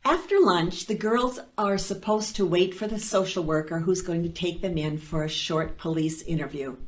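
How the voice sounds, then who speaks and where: A woman's voice: on the low side, moderate pace. Playful woman telling a story. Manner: animated, playful storytelling with dry asides. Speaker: storyteller and foster parent. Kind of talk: told personal story at a storytelling event.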